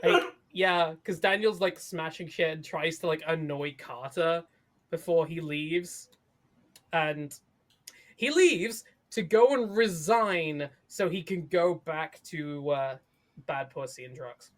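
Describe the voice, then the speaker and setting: A man's voice: on the high side, takes it slowly. A man co-hosting a podcast, recapping sardonically in casual chat and swearing freely. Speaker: podcast co-host.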